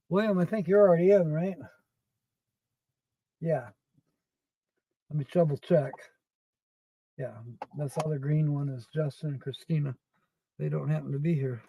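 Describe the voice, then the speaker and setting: Man, livestream host, slow rambling chat, dry sound. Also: on the high side, gravelly, dark tone, no room sound, poor audio. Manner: slow, rambling, reads out letters and chats with viewers. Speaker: livestream host scratching lottery tickets. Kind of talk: casual live-stream chat.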